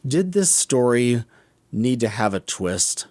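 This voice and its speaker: A man's voice: medium pitch, sing-song, slow, a little mellow, dry recording, clean studio sound. A man co-hosting a podcast, talking through a movie's scenes in a musing, critical way and often correcting himself mid-sentence. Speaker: podcast co-host. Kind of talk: casual film discussion.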